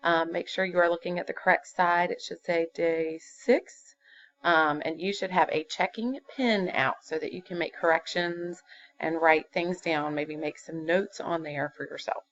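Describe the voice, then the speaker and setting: A woman's voice: lowish voice, steady tone, normal speed, a bit bright. A woman teaching a fifth-grade grammar lesson, patient and explaining step by step with fillers. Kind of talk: recorded classroom grammar lesson. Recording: dull lo-fi computer recording.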